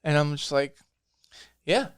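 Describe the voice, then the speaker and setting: Animated man telling stories. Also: a little high, a little slow, clear, resonant tone. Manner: animated storyteller, acts out quoted dialogue. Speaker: comic book writer. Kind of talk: casual interview chat.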